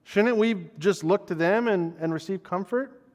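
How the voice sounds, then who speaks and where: A man's voice: sits high, moderate pace, in a large hall. A man preaching a conversational sermon as pastor, earnest and personal, often repeating words as he restarts a thought.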